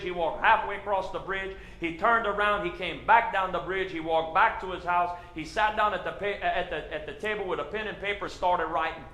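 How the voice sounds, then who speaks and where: A man's voice: sits high, pushed and bright, reverberant. A man with a Cajun accent telling folksy stand-up stories to a live audience. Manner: folksy, conversational storytelling. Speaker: comedian.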